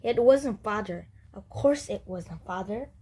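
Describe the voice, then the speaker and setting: A woman's voice: mid-range voice, animated, unhurried, dark tone, breathy edge. A woman reading aloud as an elderly male cat, a fussy, doting great-grandfather, in a children's book. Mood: pleading. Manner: reading a talking-cat dialogue aloud in a lightly lifted voice.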